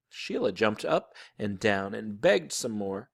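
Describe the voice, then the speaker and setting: A man reading a children's chapter book aloud with expressive, animated narration. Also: lowish voice, slow pace, gravelly, hardly any pauses, husky. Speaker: storybook reader.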